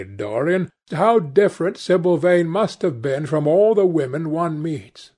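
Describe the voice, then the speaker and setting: A man reading the part of a witty, cynical aristocratic gentleman who speaks in languid epigrams. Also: fairly high pitch.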